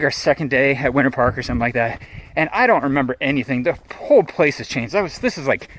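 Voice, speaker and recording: A middle-aged man telling a lively, casual story on an outdoor trail and acting out his friends' voices. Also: fairly high pitch. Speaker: trail runner vlogger. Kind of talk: casual storytelling while running. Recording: noisy outdoor recording.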